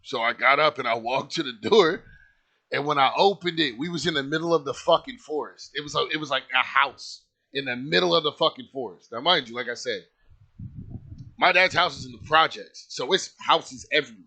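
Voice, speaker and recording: A man's voice: mid-range voice, a little fast, bright, forceful tone. A man casually telling a personal story, loose and profane, with lots of filler words.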